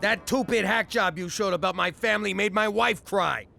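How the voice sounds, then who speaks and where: An actor playing a loud, blunt middle-aged ex-mobster dad with a New York accent and gruff wiseguy slang, in an adult cartoon. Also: male voice, high-pitched, moderate pace, faint music behind, heavily acted. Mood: scheming.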